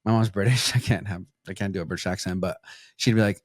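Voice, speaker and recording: Chatty podcast co-host who laughs a lot. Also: male voice, on the low side, fast, no echo, clean studio sound. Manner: laughs often while telling stories. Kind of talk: casual chat.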